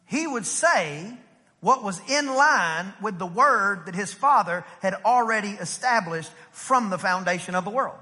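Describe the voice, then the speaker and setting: In a church sanctuary, a middle-aged pastor preaches a sermon in a very high, bright, forceful voice, speaking a little slowly. He animates it with rhetorical questions, checks in with the congregation, and acts out little voices, each phrase trailed by long hall reverb.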